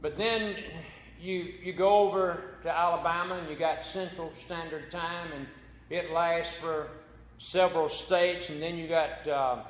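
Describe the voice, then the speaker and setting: A man's voice: a little high, fairly even intonation, unhurried. A man preaching a folksy sermon as pastor, telling a corny joke before turning to scripture. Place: church sanctuary. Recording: echoey church hall.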